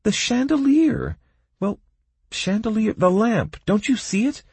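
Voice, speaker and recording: A man voicing Kaelin, an excitable young woman adventurer, in a high indignant voice. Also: normal speed, creaky, breathy edge, no room sound, heavily acted. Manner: indignant, squealing.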